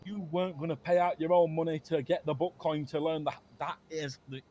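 A man's voice: fairly high pitch, steady tone, a little fast, dark tone, dull audio, lightly acted. A man voicing a hot-headed young male crew boss in a game role-play, ranting and swearing. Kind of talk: GTA role-play voice chat.

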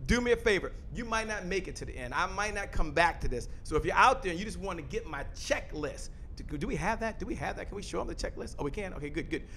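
A man hosting an online show, loudly and quickly pitching his offer to the camera and repeating phrases for emphasis, from a home studio. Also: expressive, a little hiss or hum. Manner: loud, fast-talking, emphatic, repeats phrases. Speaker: host. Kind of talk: energetic sales pitch to camera. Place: home studio with a photo wall backdrop.

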